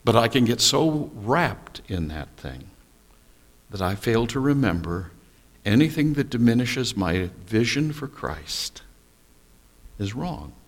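A man's voice: medium pitch, very animated, a little slow. A male pastor preaching a sermon, telling stories and asking rhetorical questions with small humorous asides.

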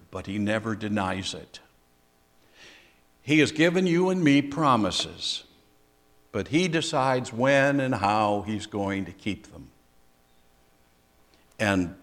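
An older man preaching a sermon as a pastor, conversational, with dry humor and pauses. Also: on the low side, fairly bright tone.

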